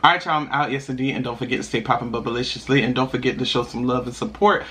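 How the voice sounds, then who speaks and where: A young man vlogging while eating, telling a personal story in a chatty, animated way with sudden high laughs. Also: rapid-fire. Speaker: mukbang vlogger.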